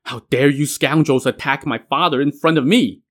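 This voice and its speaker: A man's voice: a little high, steady tone, moderate pace, lightly acted. A man voicing a torn, guilt-stricken warrior son who cries out in anguish, in a told story. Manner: anguished outbursts.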